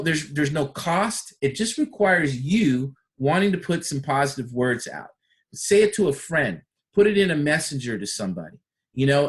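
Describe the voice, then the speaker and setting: A man with a mid-range, slightly bright voice teaches a personal development training session. His instructional talk is enthusiastic, full of rhetorical questions and repeated phrases.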